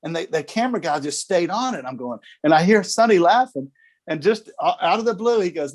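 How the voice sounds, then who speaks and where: A man of about sixty with a slightly high voice, a TV sports director speaking as a guest on a video call. He tells stories in a chatty, easy way, laughs often and repeats a few words before each phrase gets going. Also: expressive, a little fast. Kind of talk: casual storytelling in an interview.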